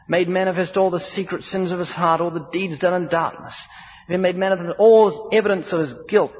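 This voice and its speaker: A man preaching a sermon in an emphatic, rhythmic style, building points through repetition and acted-out dialogue. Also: high voice. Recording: dull recording with long hall reverb.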